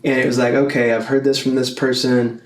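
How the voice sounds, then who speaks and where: A mid-pitched man talks in a rambling, easygoing way, often stopping to correct himself and chuckling along. He is recorded in a church studio room with a roomy echo. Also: level tone, fairly quick. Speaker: church staff member, podcast regular. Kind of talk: casual podcast chat.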